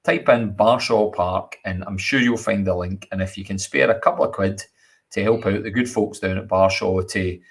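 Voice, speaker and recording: Scottish man, low-ish voice, easygoing chat host, teasing co-host. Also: breathy edge. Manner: jokey, chatty, laughs often. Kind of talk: casual live chat show hosting.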